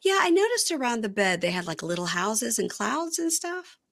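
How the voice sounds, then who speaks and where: A woman's voice: a little high, very animated, moderate pace. A woman hosting a casual chat, recapping a reality show and acting out the cast's lines in quoted voices. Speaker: podcast host.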